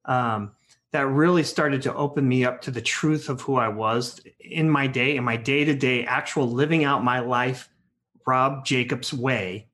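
A man's voice: mid-range voice, unhurried, fairly bright tone. Thoughtful male podcast host. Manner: thoughtful, rambling with fillers. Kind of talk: casual podcast conversation.

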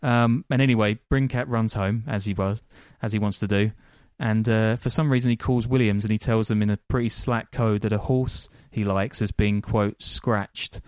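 A man hosting a podcast, telling the story in a loose, chatty way full of ums and quick laughs. His voice sits a little low, and the sound is dry and close with no room echo. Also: fairly even intonation, darkish tone. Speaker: podcast host. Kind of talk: casual storytelling chat.

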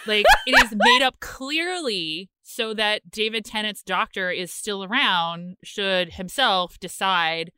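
A woman's voice: medium pitch, lively intonation, slow, hardly any pauses, heavy background noise. A young adult woman, a guest contributor on a podcast, talking emphatically and expressively in casual chat.

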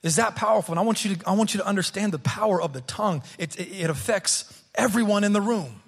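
A man in his thirties, a pastor preaching a sermon in an earnest way, often repeating words as he restarts a phrase. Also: high voice. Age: 30s.

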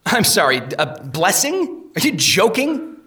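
A man's voice: fairly high pitch, animated, normal speed, bright, forceful tone, dry recording, voice pushed up. A man voicing an earnest, indignant pilgrim who speaks firmly. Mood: incredulous. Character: steadfast, indignant male pilgrim.

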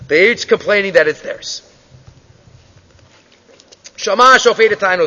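A man leads a Torah class. He reads each Hebrew passage and then retells it in English, acting out the story's people as he goes. His voice sits very high and bright, and the recording is dull and lo-fi with a long hall reverb. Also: expressive, normal speed, long pauses. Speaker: Torah teacher.

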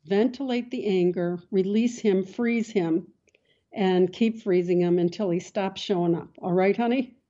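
Woman radio psychic host, warm and mellow, says honey a lot. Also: mid-range voice, a little slow, dull audio. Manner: soothing, calls callers honey. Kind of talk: call-in advice show.

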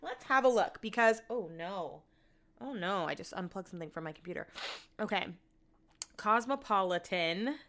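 A woman's voice: medium pitch, animated, normal speed, a bit bright, dry recording. A woman vlogger telling a casual, rambling story at her computer, with side remarks and self-corrections.

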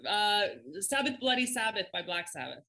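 A woman talking as a podcast guest in casual chat, animated, laughing often and swearing freely. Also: mid-range voice, moderate pace.

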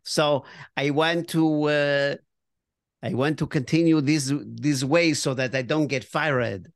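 A man's voice: on the high side, slow, dry recording, studio quality. A man voicing a chatty, fretful male Italian buffet server with a put-on Italian accent and broken English. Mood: harried.

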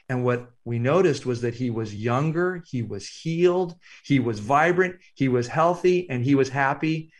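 A man, an author guest, telling a reflective story in an interview, unhurried and halting with fillers. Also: mid-range voice, expressive.

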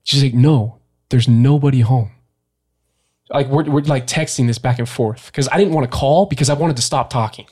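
A young man, a guest on a podcast, tells a story from his past in a casual interview, talking haltingly with many fillers and restarts. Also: mid-range voice, darkish tone, slightly rough.

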